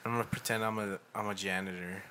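Talking fast in a low voice, with a slight hiss or hum on the audio, this young podcast co-host tells lively stories in a casual chat, swearing and laughing a lot along the way.

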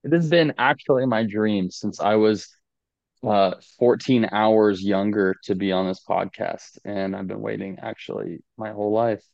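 A man talks as a podcast guest, loose and self-mocking as he rambles through his jokes. His voice sits low and gravelly. The audio is dull and lo-fi, with a dry, close sound. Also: darkish tone, no room sound. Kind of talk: casual podcast banter.

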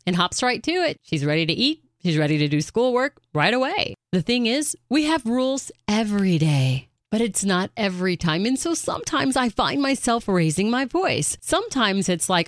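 A woman's voice: medium pitch, normal speed, hardly any pauses, dry recording, studio quality. A middle-aged woman hosting her podcast in a casual, chatty monologue, acting out family conversations. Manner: animated, chatty, acts out family quotes. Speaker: podcast host.

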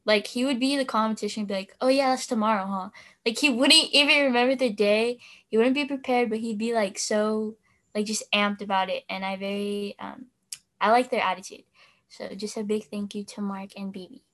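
A woman's voice: mid-range voice, fairly even intonation, a little fast, fairly bright tone. A teenage girl and student officer talking casually on a podcast, rambling with lots of fillers and little laughs. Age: teens. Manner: chatty with many fillers and laughs.

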